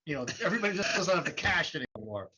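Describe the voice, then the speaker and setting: Bright-voiced man telling a story. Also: on the high side, rapid-fire. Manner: animated, laughing, acts out quotes. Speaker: guest. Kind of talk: casual storytelling. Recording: muffled with faint noise.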